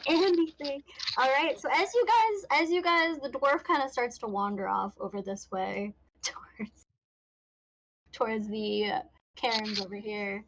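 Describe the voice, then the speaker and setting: A woman's voice: on the high side, a little slow, fairly bright tone, a little hiss or hum, poor audio. A middle-aged woman narrating as game master, laughing often and restarting her sentences.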